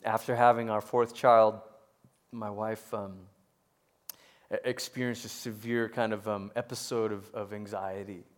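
With fairly low pitch and a flat, slightly slow delivery, a middle-aged pastor gives his sermon. He still rises to loud, emphatic moments and falls to hushed storytelling, stammering and restarting often.

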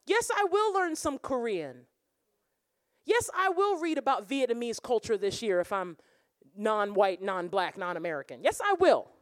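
Animated high-voiced woman preaching. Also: moderate pace, dry recording. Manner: animated preaching, bursts of laughter, sings lines. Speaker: worship pastor. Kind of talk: sermon. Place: church or conference room.

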